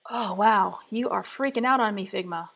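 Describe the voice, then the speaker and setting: Her voice is mid-range and creaky, moving at a moderate pace, and the sound quality is lo-fi. She's a woman streaming live design work from her home workspace, muttering to herself and thinking aloud as she tries things out one attempt at a time.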